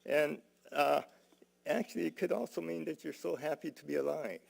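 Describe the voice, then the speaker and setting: A man giving a gentle, folksy Dharma talk in a temple, telling a story with many "uh"s and "you know"s. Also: fairly high pitch, normal speed, gravelly. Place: temple hall.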